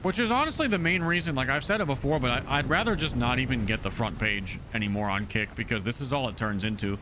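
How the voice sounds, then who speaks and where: A man streaming a video game live, chatting casually and excitably shouting thanks to his supporters. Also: medium pitch, fast, noisy background.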